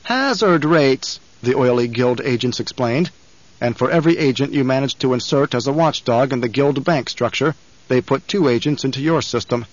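A man narrating an audiobook in a measured, even reading. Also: mid-range voice, dry recording, lo-fi sound. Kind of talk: scripted narration.

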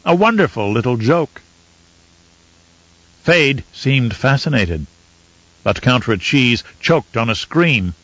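Measured male audiobook narrator, dry sound. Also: mid-range voice, big pitch swings, a bit bright, no echo. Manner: measured, storytelling. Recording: slightly muffled dry recording.

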